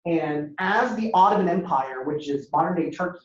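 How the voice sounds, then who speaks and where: Man, guest speaker, animated storytelling, echoey lecture hall, dull lo-fi sound. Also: fairly high pitch, normal speed. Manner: animated, acts out dialogue, casual. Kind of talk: storytelling talk.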